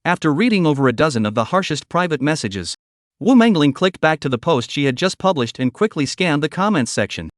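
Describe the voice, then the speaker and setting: Lively high-voiced male narrator. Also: fairly quick, dry recording, clean studio sound. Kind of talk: scripted comic recap narration.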